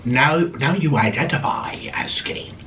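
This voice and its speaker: A man's voice: moderate pace, fairly bright tone, recorded from a distance, a little hiss or hum. A man in his thirties hosting an eating video at home, answering viewer questions in a sarcastic, theatrical way. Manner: sarcastic, theatrical, swings between high and low pitch. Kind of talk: casual chat while eating.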